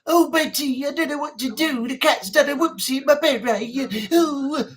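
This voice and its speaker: A man's voice: extremely high pitch, normal speed, fairly bright tone, pitched above the performer's own voice. A man imitating a bumbling sitcom husband in a whiny, nasal voice that sounds like he has a cold, with the breath pushed through. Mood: flustered. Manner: whiny, flustered.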